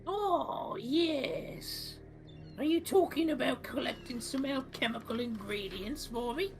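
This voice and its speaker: A man voicing a screeching, cranky goblin alchemist in a tabletop game, gruff and questioning. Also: extremely high pitch, takes it slowly, soft background music, pitched above the performer's own voice, heavily acted. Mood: suspicious. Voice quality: screechy, gravelly.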